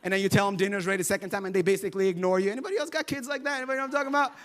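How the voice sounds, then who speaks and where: Brief: male pastor, lighthearted storytelling sermon, voice sits high. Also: very fast, fairly bright tone. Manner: humorous, conversational storytelling.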